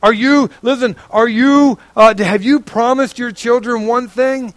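A man's voice: very high-pitched, fairly even intonation, unhurried, no echo. A middle-aged man preaching a sermon, fervent and folksy, pleading with his listeners. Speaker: pastor.

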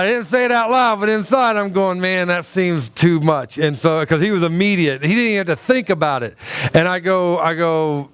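A man, a pastor, telling a personal story in a sermon with relaxed humor, dropping his voice low when he quotes what he heard. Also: clean tone, no echo. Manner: conversational, self-deprecating humor, acts out quotes in a lower voice.

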